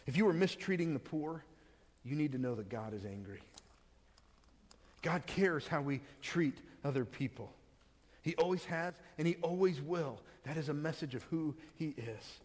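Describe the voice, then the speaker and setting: A man's voice: fairly high pitch, animated, normal speed, a little mellow. A man preaching a sermon, reading scripture aloud and then explaining it in plain conversational words. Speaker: pastor. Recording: long hall reverb.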